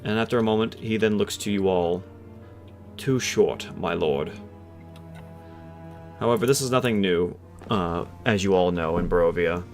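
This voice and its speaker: A man's voice: low voice, steady tone, a little fast, hardly any pauses. A man narrating a tabletop roleplaying game as game master, casual and descriptive. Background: soft background music.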